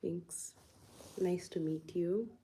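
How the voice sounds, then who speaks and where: A young woman from Uganda talks slowly on her livestream, with a warm, dark, mellow tone. She chats loosely, laughs a lot and replies to viewers' comments one by one. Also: lowish voice, low-quality recording. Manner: chatty, laughs often, reads and answers viewer comments. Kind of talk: casual live-stream chat.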